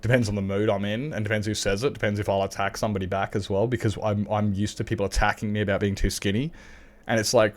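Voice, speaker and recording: Australian man, low-ish voice, candid streamer. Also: level tone, fast. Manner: candid, swears freely, frequent laughs. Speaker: livestreamer. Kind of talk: casual chat while gaming.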